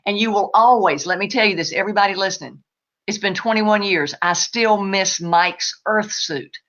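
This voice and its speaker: A woman answering live questions as an animal spirit medium, emphatic and animated. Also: medium pitch, normal speed, highs cut off.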